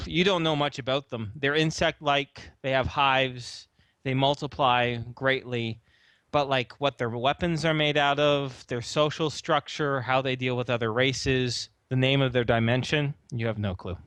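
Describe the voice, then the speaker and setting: A man narrating as game master of a tabletop role-playing game, relaxed and full of fillers. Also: mid-range voice, unhurried, clear, resonant tone, no room sound.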